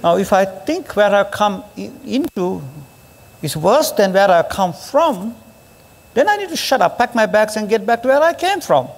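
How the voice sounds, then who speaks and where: High-voiced preaching man in echoing hall. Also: very animated, moderate pace, vocal fry. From Sri Lanka. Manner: emphatic, forceful preaching with sudden rises. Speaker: pastor. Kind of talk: preaching a sermon. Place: church hall. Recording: long reverb of a church hall.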